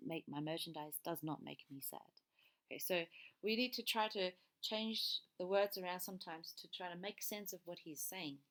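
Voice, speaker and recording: A woman's voice: fairly low pitch, moderate pace, fairly bright tone. A woman teacher giving a recorded lesson, explaining patiently step by step and checking in with a frequent "okay".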